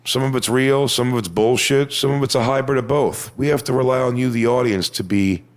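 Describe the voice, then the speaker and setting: A man performing a stand-up comedy set on stage, telling crude, swaggering stories and sometimes mocking people in high put-on voices. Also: a little fast. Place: comedy stage before a live audience.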